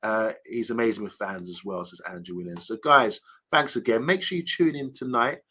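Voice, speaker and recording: A man with a lowish, bright, forceful voice and a husky edge hosts a casual live stream. He rambles through viewer comments, filling gaps with ums and restarting his sentences as he chats along. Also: expressive, fairly quick. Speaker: host of a fan live stream.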